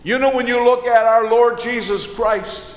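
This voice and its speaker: A man preaching a sermon, earnest and slow, repeating key phrases for emphasis. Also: very high voice, fairly even intonation. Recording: echoey hall with long reverb.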